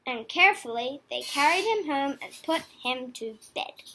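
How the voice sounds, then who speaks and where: A woman reading a children's picture book aloud in a slow, expressive way. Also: sits high, noisy background. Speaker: storybook reader.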